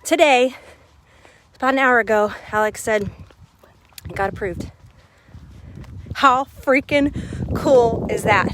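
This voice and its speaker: Woman, high voice, mindset coach, casual storytelling vlog, animated, laughing, noisy background. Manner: animated, laughing often, acting out quotes.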